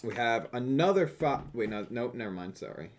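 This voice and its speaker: A man's voice: mid-range voice, lively intonation, normal speed, noisy background. A man co-hosting a podcast, reading out viewer donations in an easygoing, casual way. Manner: reads donations aloud, easygoing, hesitant fillers. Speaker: podcast co-host.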